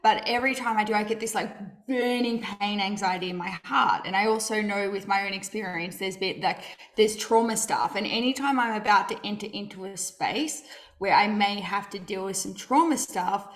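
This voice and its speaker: A woman co-hosting a podcast interview, talking reflectively and hesitantly, often pausing on filler words. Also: medium pitch. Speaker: podcast co-host. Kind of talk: casual conversational interview.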